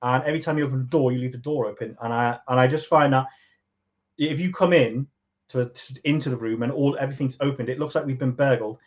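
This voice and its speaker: A man from Liverpool with a softened Liverpool accent, co-hosting a podcast in a laid-back, wry, rambling way. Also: medium pitch, fast talker, lo-fi sound. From Liverpool, England. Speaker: podcast co-host. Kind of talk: casual chat.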